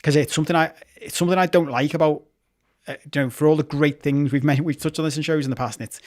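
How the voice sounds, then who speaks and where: A man's voice: a little high, fairly even intonation, quick pace, darkish tone. Fired-up sweary man on a podcast. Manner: impassioned, swears freely, rambling restarts. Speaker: podcast co-host. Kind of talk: casual football podcast chat.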